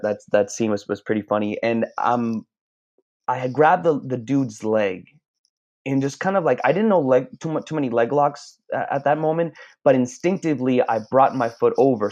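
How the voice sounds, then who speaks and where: A man chatting casually in an interview, telling stories in a halting, rambling way. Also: mid-range voice, a little mellow. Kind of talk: casual chat. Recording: dull lo-fi sound.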